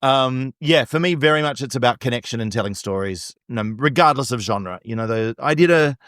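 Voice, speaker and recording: A man talking as a podcast guest, easygoing and chatty, settling into a long personal story. His voice is middle-pitched and dry, recorded close with no reverb. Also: expressive, brisk, a bit bright. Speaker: guest musician, conductor and pianist. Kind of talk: casual chat.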